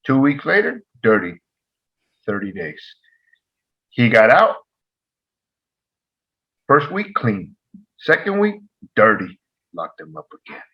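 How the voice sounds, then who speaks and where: A podcast co-host who used to be a probation officer tells a story in casual conversation, energetically acting out the dialogue. His mid-range voice is husky, he speaks slowly and pauses often, and the recording sounds muffled.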